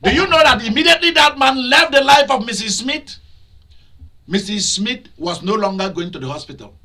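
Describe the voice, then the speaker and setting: Man preaching, high voice, very bright tone, shouted outbursts. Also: expressive, brisk. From Nigeria. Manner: preaching with loud outbursts and laughter. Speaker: pastor. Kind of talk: sermon.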